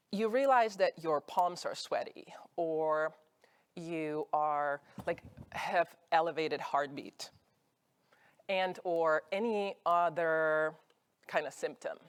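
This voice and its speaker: A woman speaking on stage at an industry event, giving a conversational motivational talk and acting out her own thoughts as examples. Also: fairly low pitch. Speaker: conference speaker.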